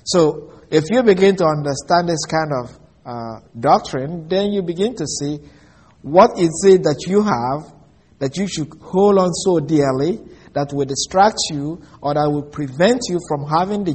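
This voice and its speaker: A man delivers a sermon in a calm, teaching tone, drawing out important phrases slowly. His voice sits a little high for a man and has a husky edge. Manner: measured teaching, slows to stress key phrases. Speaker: preacher.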